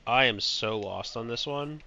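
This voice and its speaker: A man's voice: medium pitch, a little slow, vocal fry, highs cut off, background noise. Frustrated man streaming a puzzle game. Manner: frustrated, mimics bird chirps, swears. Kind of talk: live puzzle-game commentary.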